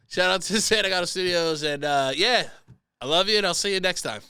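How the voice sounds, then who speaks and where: A man's voice: a little high, expressive, a little slow, pauses often, pushed and bright, clear, resonant tone, no room sound. A young man hosting a podcast, reading out listener stories and joking crudely about them in a casual, profane way. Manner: crude, joking, swears freely. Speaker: podcast host. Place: podcast studio.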